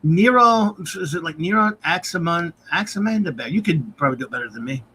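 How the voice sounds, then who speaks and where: A man's voice: on the high side, lively intonation, a little fast, bright, forceful tone, a little hiss or hum. A man hosting a casual live-stream review, reading out viewer comments and grades and chuckling often. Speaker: podcast host.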